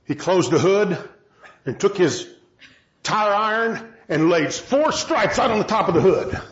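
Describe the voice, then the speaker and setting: A man preaches to a gathered congregation in a chatty, self-deprecating way, often turning questions to them. His voice sits high and swings widely in pitch. The sound is roomy and slightly muffled. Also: animated, measured pace, a bit bright. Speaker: pastor. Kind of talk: sermon. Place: large room with a congregation.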